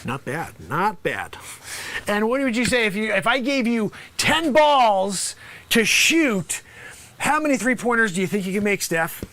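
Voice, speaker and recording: Man doing an improv bit as a loud, bossy small-town basketball coach; high, bright voice, lots of asides. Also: very animated, unhurried, full character voice. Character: brash male high school basketball coach. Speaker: improv comedian host. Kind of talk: improv comedy sketch.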